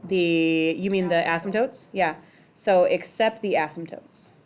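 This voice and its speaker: A woman's voice: lowish voice, unhurried, a little hiss or hum. A middle-aged woman teaching a math class in a classroom, talking casually, using "like" a lot and asking the students questions. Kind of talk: classroom lecture.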